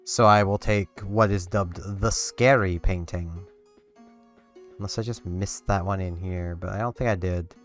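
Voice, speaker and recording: A man's voice: deep voice, steady tone, unhurried, faint music behind. A man giving casual let's-play commentary, rambling and talking to himself and to the game as he plays. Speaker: gameplay commentator.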